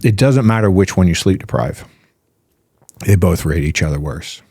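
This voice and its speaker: Deep-voiced man explaining, very dry sound. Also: moderate pace, breathy edge, no echo. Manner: animated, piles up rhetorical questions and "right?" tags. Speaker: physician guest. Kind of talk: casual podcast explanation.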